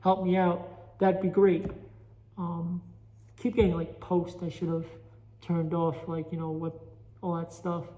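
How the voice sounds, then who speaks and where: On this phone-recorded solo podcast, heavy with echoey chamber reverb, the host speaks in a warm, somewhat high voice with a completely flat delivery, a little slow and pausing often. He has a New York Italian accent and rambles restlessly, self-deprecating about his amateur stand-up.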